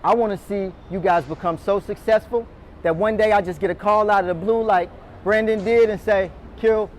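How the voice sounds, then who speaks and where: A man with a high, bright-sounding voice speaks to a roomful of salespeople as a motivational speaker. He fires questions at the audience and pushes them to answer back. Faint background noise sits under his voice. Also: fairly quick. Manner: energetic, calls on the audience, quizzes the room. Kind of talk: motivational talk to a sales team. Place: meeting room with a live audience.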